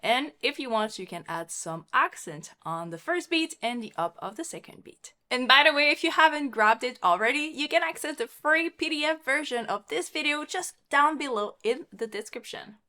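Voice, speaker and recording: A woman's voice: sits high, animated, moderate pace, hardly any pauses. A woman teaching rock keyboard patterns, explaining them cheerfully and counting beats aloud while she plays. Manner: upbeat, instructive. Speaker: piano teacher. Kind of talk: keyboard lesson with demonstrations. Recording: loud piano playing alongside.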